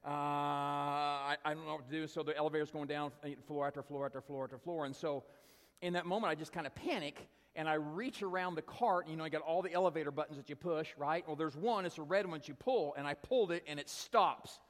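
A man preaching as a storytelling speaker, animated and acting out the dialogue, with frequent restarts. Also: fairly high pitch, fast talker, in a large hall. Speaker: guest teacher at a youth event. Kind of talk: storytelling sermon.

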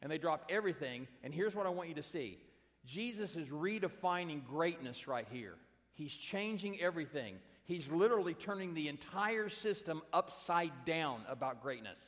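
A man's voice: fairly high pitch, lively intonation, moderate pace, fairly bright tone. A pastor preaching a sermon to his congregation, emphatic and direct, repeating his key phrases. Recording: long hall reverb.

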